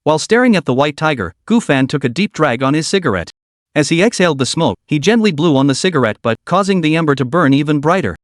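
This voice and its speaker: Lively man narrating a comic recap. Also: on the high side, quick pace, no echo, studio quality. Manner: steady dramatic storytelling.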